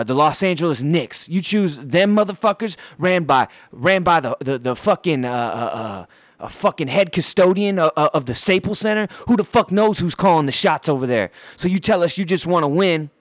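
A man's voice: fairly high pitch, dry recording. A man hosting a podcast, ranting about basketball with constant swearing, stumbling over his words while fired up and bouncing around with a handheld mic. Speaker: podcast host. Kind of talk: profane sports rant.

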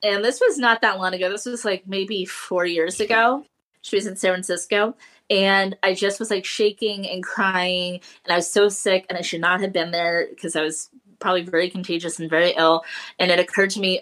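A woman's voice: medium pitch, fairly even intonation, moderate pace, a bit bright. A woman co-hosting a horror movie podcast, chatting casually and telling stories with gushing animation. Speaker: podcast co-host. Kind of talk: casual chat.

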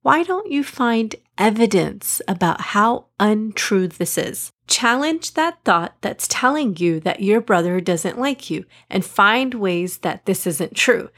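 Woman reading a gentle coaxing mother. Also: mid-range voice, lively intonation, slow pace, hardly any pauses, exaggerated voice. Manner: gentle, coaxing, slightly raised. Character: patient, loving mother of two boys.

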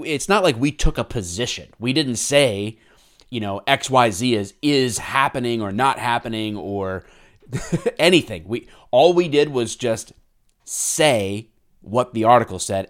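A man in his thirties co-hosts a loose podcast chat at an ordinary, mid-range pitch. He jokes and rambles, often laughing at his own lines. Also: lively intonation, unhurried, fairly bright tone. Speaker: podcast co-host.

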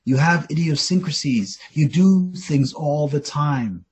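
A man's voice: a little high, unhurried, husky. A middle-aged man in casual podcast chat, explaining with a fan's enthusiasm. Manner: enthusiastic fan, explaining with rising excitement.

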